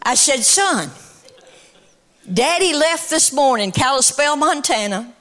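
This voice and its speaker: A middle-aged woman preacher delivering a sermon in a rhythmic cadence that builds to shouts, then shifts into storytelling. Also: high voice, animated, slow.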